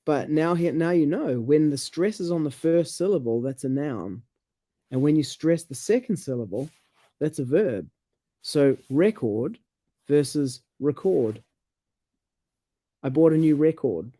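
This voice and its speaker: Here the scripture study co-host sounds mellow and animated, his voice on the high side at a moderate pace, recorded dry. Curious about pronunciation, he reads explanations aloud during a casual chat on word stress and exclaims when surprised.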